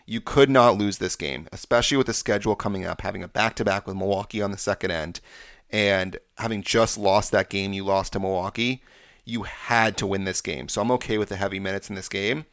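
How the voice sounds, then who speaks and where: A man's voice: fairly low pitch, fairly even intonation, a little fast, fairly bright tone, no room sound, clean studio sound. A man hosting a sports podcast, confidently breaking down games and stats in casual talk. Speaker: podcast host.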